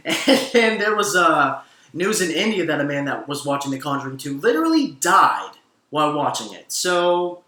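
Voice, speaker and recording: A man hosting an entertainment news show, chatting excitedly with frequent laughter and swearing, addressing his audience directly. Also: fairly high pitch, reverberant. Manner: excitable, laughing, profane, addresses "ladies and gentlemen". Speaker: host. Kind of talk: casual entertainment news commentary.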